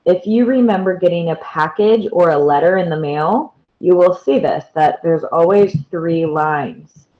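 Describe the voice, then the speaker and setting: Slow, patient woman teacher. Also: on the low side, muffled recording. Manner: patient, repeats key words and points to examples. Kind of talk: slow, deliberate classroom explanation.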